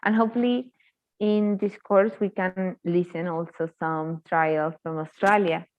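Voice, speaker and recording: A woman's voice: on the low side, fairly even intonation, a little slow, lo-fi sound. Chatty woman teaching English on a call. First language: Spanish. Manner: chatty, opinionated, many fillers. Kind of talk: casual online tutoring chat.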